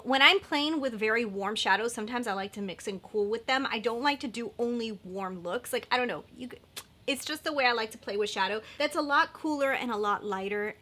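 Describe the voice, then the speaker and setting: Bright gushing woman beauty vlogger. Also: a little high. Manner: gushing, enthusiastic, many fillers like "like" and "oh my God". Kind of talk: casual makeup product chat.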